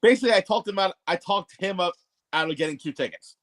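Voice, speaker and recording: A man's voice: sits high, animated, quick pace, fairly bright tone. A man telling rambling, profane stories on a podcast, with lots of restarts. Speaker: podcast guest co-host. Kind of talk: casual storytelling chat.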